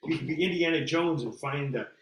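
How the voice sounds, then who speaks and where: A middle-aged man talking casually and enthusiastically as an interview guest, telling animated stories. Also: on the high side, a little fast, reverberant. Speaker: haunted attraction owner, guest.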